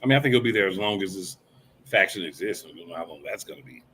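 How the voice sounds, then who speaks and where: A man's voice: deep voice, animated, fast, sharp tone, slight background noise. A man co-hosting a casual wrestling podcast, blunt and dry with a sarcastic edge. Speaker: podcast co-host.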